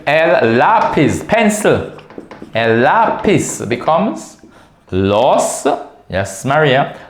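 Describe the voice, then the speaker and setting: A man's voice: medium pitch, echoey room. A man teaching a class at a whiteboard, patiently repeating each word and checking in with his students. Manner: patient, repeats words slowly and often checks with "right?". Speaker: Spanish teacher.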